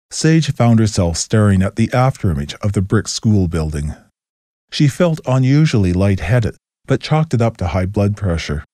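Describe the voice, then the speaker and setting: A man reads a ghost story in a steady, measured way. His voice sits low with a mellow, dark tone. The recording is dry and close. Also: no room sound. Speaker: narrator. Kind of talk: scripted story narration.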